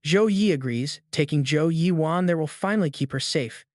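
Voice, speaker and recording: A man giving scripted narration of a story recap in an even, dramatic storytelling delivery. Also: fairly high pitch, moderate pace, no room sound, studio quality.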